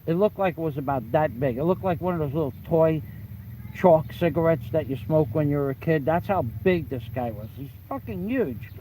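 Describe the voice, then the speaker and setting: A man telling a story from his past in a blunt, animated way, swearing constantly and often restarting his sentences. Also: a little high, normal speed, a little hiss or hum, poor audio. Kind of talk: casual profane storytelling. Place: the Philippines.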